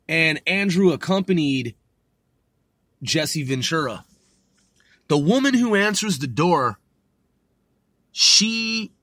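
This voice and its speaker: A man's voice: fairly high pitch, fairly bright tone, no echo. A man talking in a rambling, casual monologue, with lots of fillers and restarts. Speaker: channel host.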